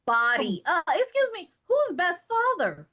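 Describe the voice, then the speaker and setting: A woman's voice: high voice, big pitch swings, a little fast, a loud crowd. A woman co-hosting a podcast, making blunt jokes in casual chat about a soap opera. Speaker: podcast co-host.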